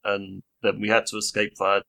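A man's voice: lowish voice, monotone, moderate pace, creaky, bright, forceful tone. A man playing a tabletop game, talking in and out of character in a stammering, giggly way. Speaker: player. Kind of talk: tabletop role-play, in and out of character.

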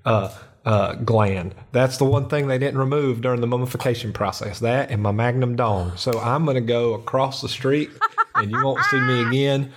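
A man playing a tabletop role-playing game, delivering absurd lines in character with a deadpan manner. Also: mid-range voice, normal speed, a little hiss or hum. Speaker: player.

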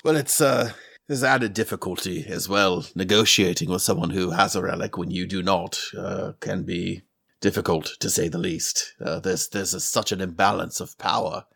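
A man voicing a calm, apologetic old male sage in a tabletop game, speaking haltingly with many hesitations. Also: sits low, gravelly, slightly rough, voice pushed down, full character voice. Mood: measured.

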